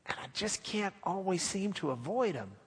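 A man preaching a sermon in a folksy, animated, joking way in a church sanctuary. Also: high-pitched, normal speed, breathy edge, big-room sound.

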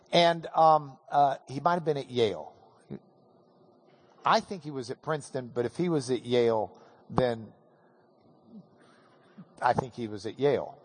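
A man teaching a Bible class, telling an animated, self-deprecating story. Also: fairly high pitch, breathy edge. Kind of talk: storytelling lecture. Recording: hall with long reverb.

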